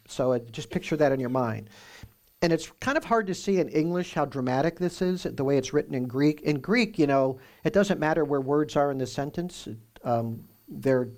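A man pastor teaching through a Bible passage in a conversational, explanatory way, with animated emphasis. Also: mid-range voice.

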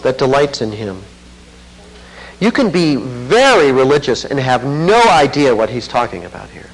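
A man's voice: very animated, measured pace, breathy edge, poor audio. A man preaching an expository sermon, reading scripture aloud and commenting with earnest, swelling emphasis. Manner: earnest, rising to fervent emphasis then dropping low.

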